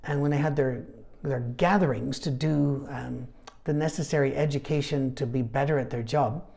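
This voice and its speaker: A middle-aged man leading a Bible study, talking casually and telling animated stories with asides. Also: medium pitch, moderate pace, vocal fry. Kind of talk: conversational Bible teaching.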